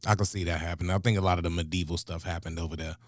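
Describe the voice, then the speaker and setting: Reaction host, male, easygoing and chuckly, lowish voice, dry close sound. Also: fairly even intonation, racing, dry recording. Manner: laid-back, chuckling, giving shout-outs. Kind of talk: casual reaction chat.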